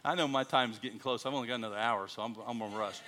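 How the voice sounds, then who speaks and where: A man's voice: mid-range voice, rapid-fire. A middle-aged American man, a missionary, telling stories to a church congregation. He acts out the quoted lines in a joking voice. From United States. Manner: animated storyteller, acting out quotes with a jokey voice. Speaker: missionary speaker.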